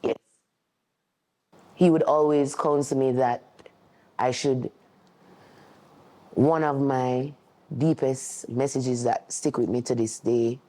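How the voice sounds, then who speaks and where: Mellow-voiced man interpreting. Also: medium pitch, slow pace, pauses often. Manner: earnest, steady, reflective. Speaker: sign language interpreter. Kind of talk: first-person interpreting for a deaf guest.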